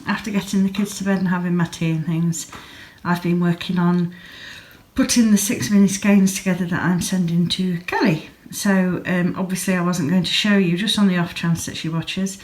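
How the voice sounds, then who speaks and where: A woman's voice: fairly low pitch, steady tone, moderate pace. A woman in her thirties chatting casually at home in a vlog, gushing over small pretty things and sounding sleepy. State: sleepy, yawning. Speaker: yarn dyer and vlogger. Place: home, craft room.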